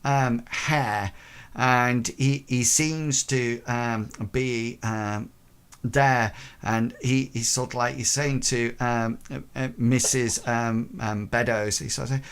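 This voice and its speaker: Slow, halting game master man. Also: medium pitch, steady tone, a bit bright, clean tone. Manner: halting, full of ums. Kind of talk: narrating a tabletop game.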